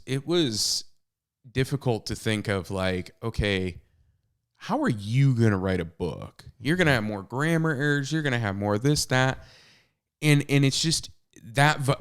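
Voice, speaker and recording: A man in his thirties with a lowish, smooth voice chats on a podcast he co-hosts. He's also an author, and he tells candid, self-deprecating stories full of fillers and restarts in a casual conversation.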